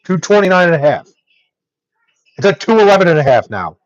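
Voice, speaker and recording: Young guy raging on stream, pitch jumping all over, dry dull mic sound. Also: sing-song, a little fast, no room sound. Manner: angry, profane ranting. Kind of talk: live-stream rant.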